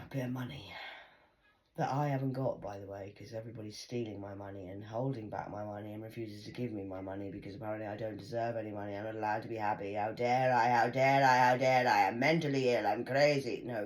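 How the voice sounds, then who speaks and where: A woman's voice: very deep voice, fast talker, darkish tone. A woman vlogger talking in a blunt, rambling monologue full of swearing while she smokes.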